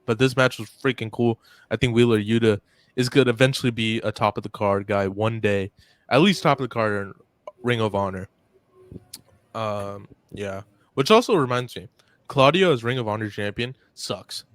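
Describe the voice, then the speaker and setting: A man's voice: on the low side, normal speed. A young man co-hosting a casual podcast chat, giving blunt, offhand opinions. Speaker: co-host.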